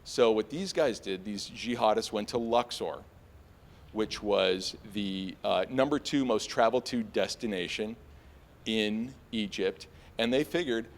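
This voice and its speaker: A young man telling a personal story live on stage, casual and animated, with frequent fillers and sudden high-pitched jumps when he quotes his own panic. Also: a little slow, vocal fry.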